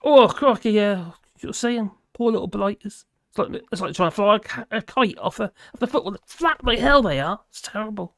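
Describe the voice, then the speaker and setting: A man's voice: sits high, expressive, moderate pace, creaky, a bit bright, no echo, studio quality. An English man casually chatting on his live stream, rambling and laughing as he answers viewers' comments. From England. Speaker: livestream host. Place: home in rural France.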